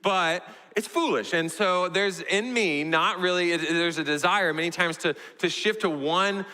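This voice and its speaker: Young male Texan pastor, bright forceful voice, animated storytelling sermon in a big echoing church. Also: a little slow. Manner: storytelling, animated, voices his toddler in a high squeal. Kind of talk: sermon illustration. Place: church sanctuary. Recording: church hall reverb.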